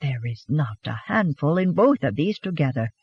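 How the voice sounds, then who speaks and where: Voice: mid-range voice, very animated, moderate pace, breathy edge, dry recording, muffled recording. Narrator as amused farmer husband. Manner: hushed, amused whisper. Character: affectionate Swedish farmer husband, laughing.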